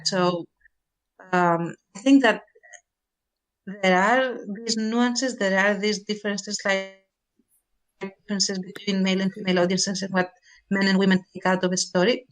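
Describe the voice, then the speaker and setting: A woman's voice: medium pitch, fairly even intonation, a little slow, long pauses, soft background music, poor audio. A woman co-hosting a podcast, talking in a thoughtful, hedging casual way. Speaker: podcast co-host. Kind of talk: casual chat.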